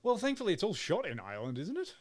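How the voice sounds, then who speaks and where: A man's voice: sits high, wildly swooping pitch, quick pace. A man co-hosting a podcast in casual live-streamed chat, joking and teasing with frequent laughs. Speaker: podcast co-host.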